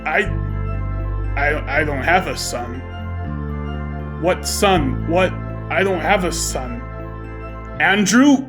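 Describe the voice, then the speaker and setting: Man playing a grieving, halting father. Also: on the high side, music in the background. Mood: distraught. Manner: halting, trailing off, tearful. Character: grieving middle-aged father with lost memories.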